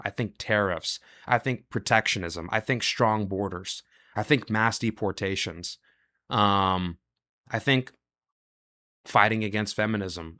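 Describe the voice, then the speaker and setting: A male show host with a lowish, sharp-toned voice delivers a reaction monologue, firing off rapid rhetorical questions and running through long lists of ideas.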